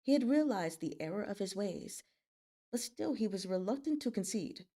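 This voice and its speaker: Hosting a live stream where she reads a novel aloud, this woman has a mid-range, dark-toned voice with lively intonation and a normal pace. She narrates steadily, then turns giggly and chatty with her audience between passages.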